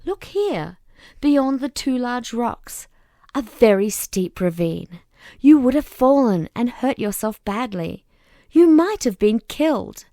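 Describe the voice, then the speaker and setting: A woman voicing a gentle male family ghost who speaks low and soothingly. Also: animated, slow pace, no echo, studio quality. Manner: soft, low and reassuring.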